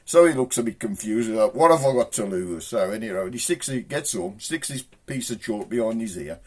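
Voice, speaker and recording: A man with a Black Country accent telling jokes, doing his characters' voices with shouts and raised pitch. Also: lively intonation, normal speed. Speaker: joke teller.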